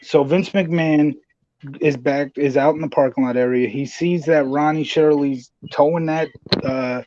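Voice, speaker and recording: A man's voice: fairly high pitch, fairly even intonation, unhurried, a little mellow, dry recording, dull audio. A man hosting a podcast, chatting casually and swearing while he retells wrestling scenes. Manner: casual, profane, retells scenes in put-on voices. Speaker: podcast host. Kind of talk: casual wrestling review chat.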